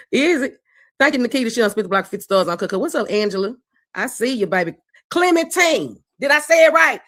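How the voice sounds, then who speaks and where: A middle-aged woman with a country Southern twang chats on a casual livestream, brash and profane as she calls out her viewers by name. Her voice sits at an ordinary pitch with a dry, close sound. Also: a bit bright, no room sound. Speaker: livestream host. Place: porch.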